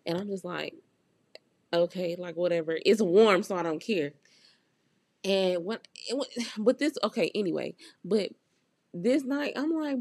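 A woman's voice: medium pitch, moderate pace, darkish tone, husky, dry recording. A young woman hosting a podcast, telling a story in a blunt, profane, candid way and acting out the quoted dialogue. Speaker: podcast host. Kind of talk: casual storytelling monologue.

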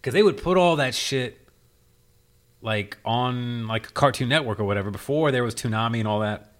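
A laid-back man hosts a podcast in loose, casual talk, stopping often on fillers. His voice sits at an ordinary middle pitch. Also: normal speed. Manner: relaxed and chatty, with many fillers. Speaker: podcast host. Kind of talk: casual chat.

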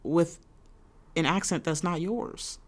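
A woman's voice: lowish voice, slow. Laid-back woman podcast co-host. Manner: laid-back, laughing, blunt commentary. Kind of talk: casual chat.

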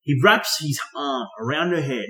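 A man in casual film chat, animated and profane, prone to loud bursts. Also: on the high side, normal speed. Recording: roomy echo.

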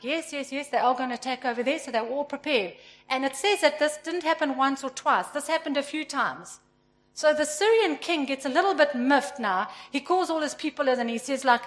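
A woman preaching a sermon, retelling a story and acting out its characters with lively emphasis. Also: sits high. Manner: animated, acts out the characters with emphasis.

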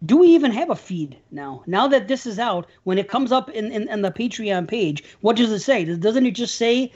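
A man's voice: high-pitched, expressive, moderate pace, darkish tone. A man co-hosting a podcast in casual chat, rambling loosely and laughing often. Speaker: podcast co-host. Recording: slightly dull lo-fi audio.

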